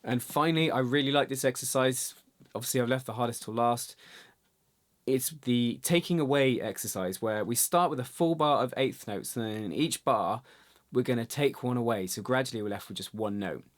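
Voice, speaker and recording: This is a man teaching guitar in an online video lesson, with a voice of ordinary middle pitch. He explains rhythm exercises in an easygoing, chatty way, counting beats aloud and restarting a phrase now and then. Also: normal speed. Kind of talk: relaxed online music lesson.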